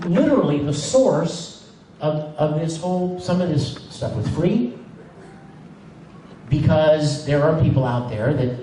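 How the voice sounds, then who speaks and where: A man, a voice actor, telling stories on a convention panel in an animated, emphatic way, often laughing. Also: on the high side, slight background noise. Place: large convention hall. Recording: echoey hall recorded from far off.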